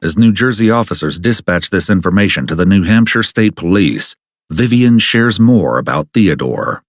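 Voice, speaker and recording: Deep-voiced man narrating grave true crime. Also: expressive, no echo, clean studio sound. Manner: measured, grave, dramatic delivery.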